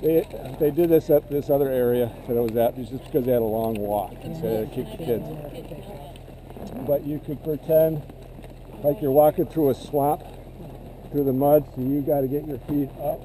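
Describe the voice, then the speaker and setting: A man's voice: medium pitch, normal speed, warm tone, slight background noise, poor audio. A man teaching fellow instructors, explaining a drill while walking through cones. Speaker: ski instructor.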